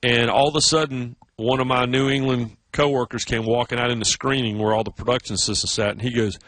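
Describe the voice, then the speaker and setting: Talking fast with no echo, a middle-aged Southern sports radio host from South Carolina spins stories in casual on-air chat. He's an animated storyteller who mimics others in high, mocking voices.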